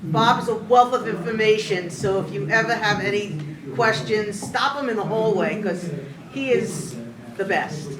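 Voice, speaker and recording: An audience member speaking up with praise, a bit halting, heard from far off. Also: mid-range voice, crowd noise. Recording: echoey room from far off with noise.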